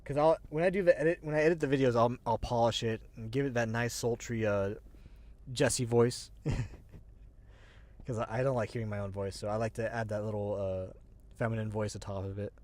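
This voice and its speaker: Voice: mid-range voice, fairly even intonation, fast talker, darkish tone. Agender streamer with a mid-range voice, laughing. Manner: rambling, laughs often, swears casually; self-deprecating, restarts sentences. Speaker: streamer, show host. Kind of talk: casual livestream chat.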